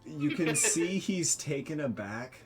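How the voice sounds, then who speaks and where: A man narrating as game master for a tabletop game, casual and quick to laugh. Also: a little high, expressive, noisy background.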